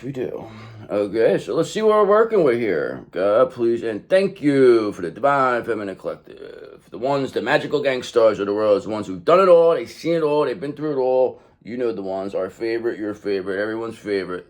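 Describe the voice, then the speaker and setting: A channel host with a lowish, darkish voice gives a casual tarot reading. He rambles and repeats himself, speaking effusively to his viewers.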